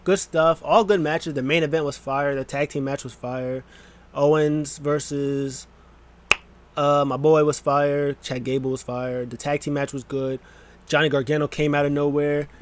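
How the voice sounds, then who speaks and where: A young man recapping wrestling in a casual, excitable, rambling vlog, with quick silly voices now and then. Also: mid-range voice, slight background noise. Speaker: wrestling vlogger.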